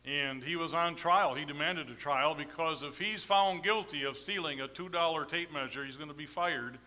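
A middle-aged man preaching a storytelling sermon, folksy and rambling, with sudden swings between loud emphasis and quiet asides. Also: fairly high pitch, normal speed, big-room sound. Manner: folksy, rambling anecdotes with tag questions.

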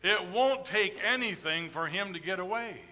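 A middle-aged man preaching a storytelling sermon, folksy and rambling, with sudden swings between loud emphasis and quiet asides. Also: high voice, lively intonation, normal speed, in a large hall. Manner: folksy, rambling anecdotes with tag questions.

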